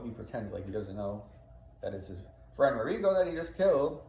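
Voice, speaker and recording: A male teacher gives a casual literature lesson, walking through a play scene by scene, reading lines aloud and then paraphrasing them in plain slang. His voice is on the low side and a little mellow, with big pitch swings and a slightly fast pace. The room is echoey, with faint background noise.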